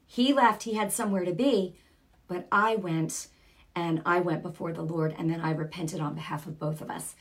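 A woman's voice: lowish voice, moderate pace. A middle-aged woman preaching informally on a broadcast, earnest and chatty, with sudden bursts of emphasis. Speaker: Christian broadcaster.

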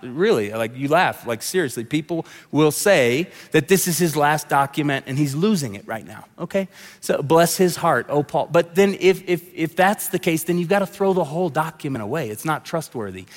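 A male pastor preaching a sermon in a loose, conversational way, with frequent restarts and asides, in a large church sanctuary. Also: on the high side. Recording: long reverb of a large hall.

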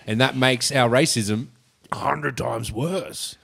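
A man's voice: mid-range voice, slow, creaky, a bit bright, husky. A man with an Australian accent in casual podcast chat, blunt and sweary, giving his opinions.

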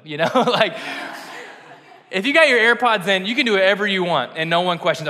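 A young male pastor with a high-pitched, pushed and bright voice and lively intonation speaks at a normal pace. His casual, chatty sermon is self-deprecating and full of laughter at himself, echoing with long reverb in the church sanctuary.

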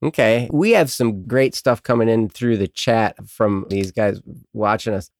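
A man's voice: fairly low pitch, a little slow, no echo, studio quality. A man co-hosting a casual faith talk show, speaking reflectively and leaning on "you know" fillers. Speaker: co-host.

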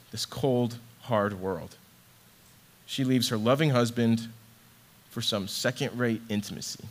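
Young man preaching an earnest, casual sermon. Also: medium pitch. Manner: conversational and earnest, with casual fillers. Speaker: ministry associate director preaching.

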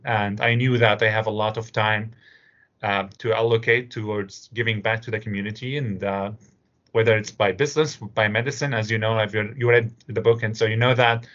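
Middle-aged Syrian-accented male guest, animated storyteller, bright tone, dull lo-fi recording. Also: lowish voice. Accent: Syrian Arabic. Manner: animated storyteller, acts out voices in anecdotes. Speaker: interview guest, immigrant business owner. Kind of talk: storytelling interview answers.

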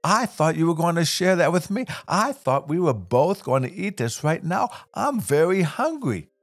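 A man voicing Fred, an eager, hungry young boy, in a whiny, excitable voice. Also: on the high side, moderate pace, voice pushed up. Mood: pleading.

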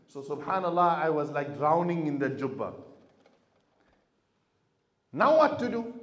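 A man preaching a sermon as an imam, telling stories and swinging from quiet asides to loud emphasis. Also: a little high, echoey room. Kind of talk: sermon to a congregation.

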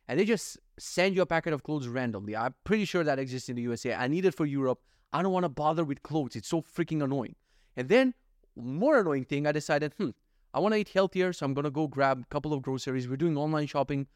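A young man with a fairly high voice talks straight into the mic in a casual, animated rant. He swears freely and sounds exasperated. The sound is dry, with no room echo. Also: fast. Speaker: vlogger. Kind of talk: casual ranting monologue.

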